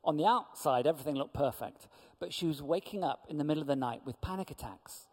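A man with a slightly raised voice telling a church testimony story. He acts out the people in his story with lively shifts. His voice rings out in a long hall reverb. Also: fairly high pitch, fast talker. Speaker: church speaker.

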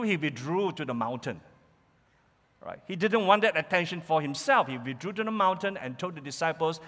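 A man preaching a sermon, telling the story in an animated, emphatic way. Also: high voice. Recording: reverberant hall.

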